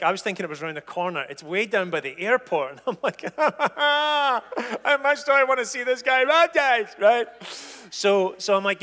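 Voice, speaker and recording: A pastor with a notably high-pitched voice delivers a sermon, acting out the dialogue of his story with humor. His voice carries the long reverb of a large hall. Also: fairly bright tone.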